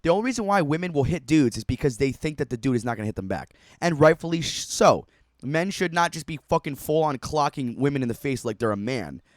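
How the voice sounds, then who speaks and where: A man's voice: on the high side, expressive, quick pace, no echo, clean studio sound. A man streaming a reaction to a video, giving profane, mocking running commentary and laughing often.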